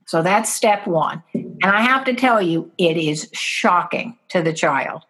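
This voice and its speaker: A woman's voice: on the low side, expressive, unhurried, fairly bright tone. A woman guest in an interview, earnestly explaining parenting steps and acting out what parents and children say.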